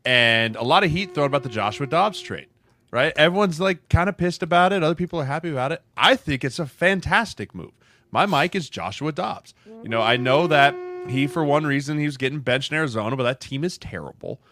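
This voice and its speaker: A man's voice: on the high side, animated, brisk, pushed and bright. A man co-hosting a sports podcast, making his case in casual chat, tossing in "right?" as he builds each point.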